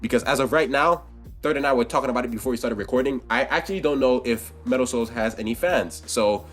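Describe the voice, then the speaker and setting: A man's voice: mid-range voice, fast talker, soft background music. A young man co-hosting a casual podcast, joking and swearing loosely, with a scratchy voice. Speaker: podcast co-host. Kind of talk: casual chat.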